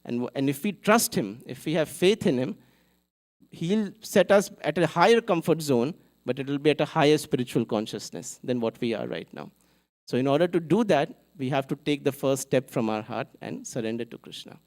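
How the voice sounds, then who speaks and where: A man's voice: mid-range voice, lively intonation, moderate pace, darkish tone. A man giving a live sermon at a temple, telling a devotional story in a conversational way and acting out its characters. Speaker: temple speaker.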